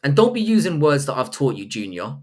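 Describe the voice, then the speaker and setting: A man's voice: medium pitch, big pitch swings, brisk. A man hosting a live stream, reading viewer messages aloud and answering with crude, profane jokes. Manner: crude, profane, joking banter with chat. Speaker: livestream host reading chat. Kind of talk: casual live-stream chat.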